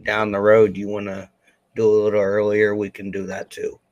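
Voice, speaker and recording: A man's voice: fairly low pitch, completely flat delivery, moderate pace, a little mellow, highs cut off, slight background noise. A man co-hosting a podcast, easygoing in casual chat. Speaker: podcast co-host.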